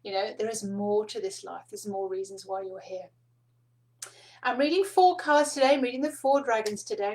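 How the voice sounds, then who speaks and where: A middle-aged woman hosting a spiritual card reading, speaking softly and meanderingly with fillers and small laughs. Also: mid-range voice, poor audio. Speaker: spiritual card reader and host. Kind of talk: casual spoken teaching to camera.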